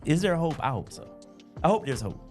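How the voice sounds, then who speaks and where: Southern US man, fifties, podcast co-host; very expressive storyteller with a hugely varied pitch, faint music behind. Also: fairly quick. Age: 50s. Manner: animated storyteller who acts out the people he quotes. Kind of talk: casual podcast chat.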